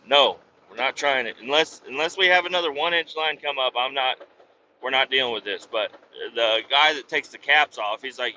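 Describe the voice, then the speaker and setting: A man with a very bright, sharp voice tells a rambling work story. He is blunt and swears a lot, stopping and restarting often. The recording sounds dull and lo-fi, with a faint hum of a vehicle behind him. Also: mid-range voice, moderate pace. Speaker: podcast host telling a work story. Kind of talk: casual storytelling monologue.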